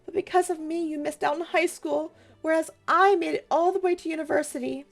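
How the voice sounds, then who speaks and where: Woman voicing a guilt-ridden young man, earnest, high voice, game dialogue read aloud. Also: fairly even intonation, fairly quick, gravelly, soft background music.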